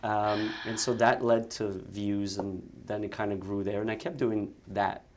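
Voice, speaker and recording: A man guest telling stories in a casual interview, lively, with quick bursts and frequent restarts. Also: fairly low pitch, a little hiss or hum. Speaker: actor and content creator, guest.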